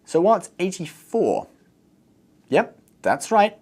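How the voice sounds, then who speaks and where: An upbeat man presents a scripted language lesson, his pitch bouncing around a lot as he teaches. He talks in a friendly, teacherly way and slows down to model each example clearly. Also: wildly swooping pitch, a little mellow.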